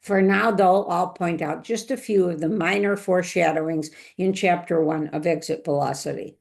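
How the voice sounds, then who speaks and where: Older woman, author type, lowish voice, careful deliberate delivery of a scripted writing lesson. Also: darkish tone. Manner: measured, deliberate, clears throat often. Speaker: author explaining her novel. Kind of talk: scripted talk on fiction writing.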